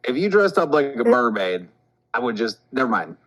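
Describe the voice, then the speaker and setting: A man's voice: mid-range voice, big pitch swings, normal speed, a bit bright, muffled recording. A man on a livestream, teasing and exasperated as he holds back a joke. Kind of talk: casual stream chat.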